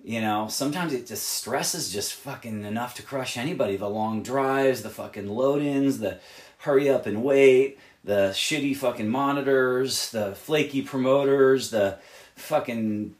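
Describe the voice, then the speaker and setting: A man's voice: medium pitch, a little fast, echoey room. A man who plays in a rock band, giving other bands blunt, rambling advice full of swearing. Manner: profane, emphatic and rambling. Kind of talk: candid advice monologue.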